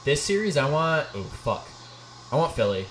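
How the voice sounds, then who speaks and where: A young man from Chicago co-hosting a podcast, rambling and excitable in a casual sports chat. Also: fairly high pitch, normal speed, a little hiss or hum, poor audio. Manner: rambling, excitable, swears, laughs often. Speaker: podcast co-host.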